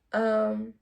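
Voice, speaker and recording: A young woman vlogging in a casual, animated way, playfully acting out both sides of her conversations. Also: on the high side, gravelly. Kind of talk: casual chatty vlog monologue.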